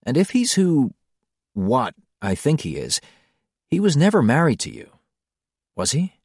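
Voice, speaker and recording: A man's voice: a little high, wildly swooping pitch, measured pace, darkish tone, breathy edge, no echo, clean studio sound, pitched above the performer's own voice, heavily acted. A man doing a bewildered, questioning man. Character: curious, bewildered adult man, reasonable. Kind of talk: audiobook character voice.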